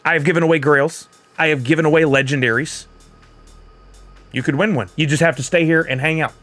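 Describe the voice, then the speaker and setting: A man's voice: a little high, steady tone, brisk, fairly bright tone, no room sound, faint music behind. A man hosting a casual livestream, chatty and upbeat, walking viewers through steps and reading out their comments. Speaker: livestream host.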